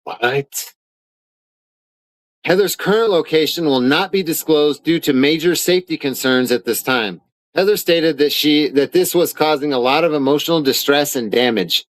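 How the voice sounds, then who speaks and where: Live-streaming from his home studio, a man angrily denies claims and reads arrest papers aloud, swearing often in an indignant rant. His voice is fairly high and his pace moderate, in a low-quality recording with no room sound.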